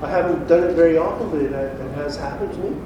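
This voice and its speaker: Guy preaching a chill sermon, kinda high voice, mic far off, big echo. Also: fast talker, highs cut off, background noise. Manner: animated and informal, acts out quoted voices. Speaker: pastor. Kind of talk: casual conversational sermon. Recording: echoey hall, distant mic.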